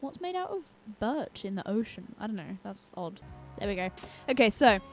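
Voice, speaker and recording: Very animated and speaking at a normal speed, this young British woman chats and rambles through commentary on her own gameplay for YouTube. She giggles and bites off swear words, with her own song playing softly behind her in a mid-range voice.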